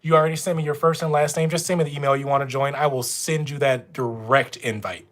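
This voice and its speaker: A man from Louisiana with a Louisiana accent and a voice a little higher than most men's. He chats casually on a live stream from home, talking straight to his viewers. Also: fairly even intonation, fast talker, fairly bright tone. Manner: chatty, talks straight to viewers. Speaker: notary running a live stream. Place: at home with dogs nearby.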